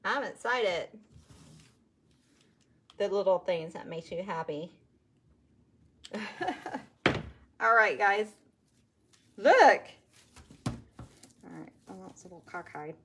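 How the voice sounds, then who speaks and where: A woman's voice: lowish voice, slow, pauses often, a little hiss or hum. A woman hosting a casual live craft stream, chatting to viewers and laughing often. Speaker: craft livestream host.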